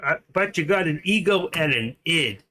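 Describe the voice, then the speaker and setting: In casual livestream chat, a stock trading host from Queens, New York jokes and rambles while working through his thoughts. His voice is a little high and expressive, with a sharp tone at normal speed.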